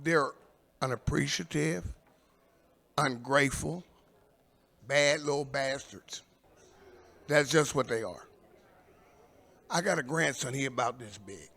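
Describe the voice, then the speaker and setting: An older man from Indianapolis doing a stand-up comedy set, telling long profane stories and shouting out the lines of the people in them. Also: mid-range voice, slow, vocal fry, pauses often, breathy edge. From Indianapolis, USA. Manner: profane, rambling storytelling with shouted quoted voices. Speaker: stand-up comic. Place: live comedy stage.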